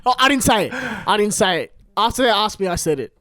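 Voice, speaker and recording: A man's voice: high-pitched, animated, brisk, sharp tone, no echo. A young man co-hosting a podcast, telling rambling stories in casual chat, swearing and laughing often. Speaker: podcast co-host.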